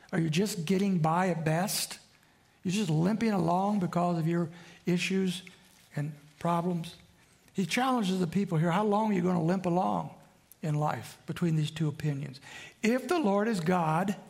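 A man's voice: high voice, normal speed, creaky, a little mellow. A man preaching a sermon in a conversational way, often asking the congregation for responses. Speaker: pastor.

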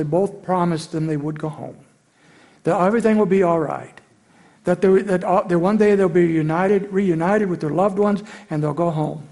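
A man's voice: sits high, darkish tone. A middle-aged man preaching a sermon as pastor, earnest and building to emphatic peaks.

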